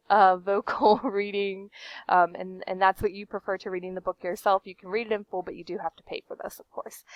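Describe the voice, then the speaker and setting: Woman, book vlog host, casual rambling delivery, mid-range pitch, dry close sound. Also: no echo. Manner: chatty, rambling, frequent fillers and restarts; laughs now and then while talking. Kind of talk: casual book commentary to camera.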